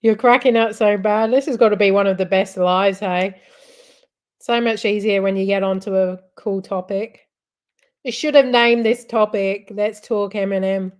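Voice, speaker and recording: A woman's voice: medium pitch, fairly even intonation, moderate pace, a little mellow, clean tone. A woman hosting a casual live chat, rambling and giggling as she talks. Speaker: livestream host.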